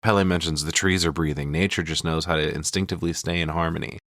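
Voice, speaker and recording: Deep-voiced man recapping a movie casually. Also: fairly even intonation, quick pace, fairly bright tone, no echo, studio quality. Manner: profane, retells scenes with acted quotes. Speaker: podcast co-host.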